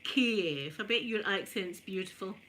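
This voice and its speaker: A Glaswegian woman in her fifties talks softly for an ASMR video while ironing. She spins lively stories in broad Scots and chats back to her viewers. Her voice is bright and sharp-edged, at a middling pitch for a woman. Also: normal speed, a little hiss or hum. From Scotland. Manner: animated storyteller, broad Scots words, chatting with viewers. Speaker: ASMR creator. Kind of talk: soft-spoken ASMR chat while ironing.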